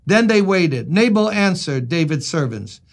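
Joking New pastor preaching. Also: male voice, fairly high pitch, sing-song, measured pace, creaky. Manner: conversational, joking storyteller. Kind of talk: sermon.

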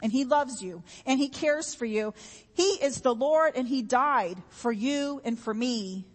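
A woman's voice: sits high, unhurried, long reverb tail. A woman preaching a sermon in an earnest, repetitive way, with homey everyday examples.

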